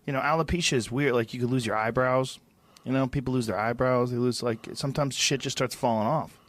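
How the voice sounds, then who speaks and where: A man's voice: medium pitch, fairly even intonation, a little fast, no echo. A man hosting a podcast in casual chat, reacting with short remarks and asides. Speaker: podcast host.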